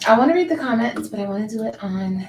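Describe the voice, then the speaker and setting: A woman's voice: on the high side, animated, quick pace, darkish tone. A woman hosting a casual livestream, greeting viewers by name and reading their comments aloud. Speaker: livestream host. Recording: echoey room, faint background noise.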